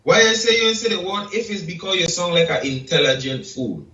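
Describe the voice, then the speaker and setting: A man in casual chat, lecturing slowly and deliberately. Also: high-pitched, bright, forceful tone. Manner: slow, lecturing, asks "you check?". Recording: echoey room, distant dull mic.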